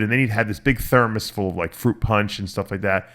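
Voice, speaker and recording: A middle-aged man hosting a casual podcast chat, telling lively stories, cursing and acting out the voices of people he quotes. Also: fairly low pitch, fairly quick. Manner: animated storytelling, swearing, acting out quoted voices. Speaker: podcast host.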